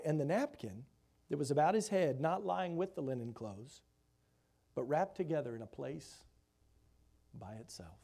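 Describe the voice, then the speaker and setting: A man preaching a sermon, reading scripture aloud and expounding on it with rhetorical questions, his voice swelling loud for emphasis and dropping soft. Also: a little high, expressive, a little slow, creaky.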